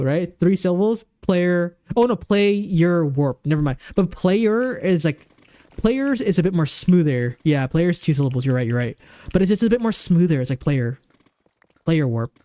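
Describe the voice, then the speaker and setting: A man's voice: fairly high pitch, warm tone, dry recording. A man streaming a game live, chatting casually and rambling while he answers viewers' questions at a desk microphone.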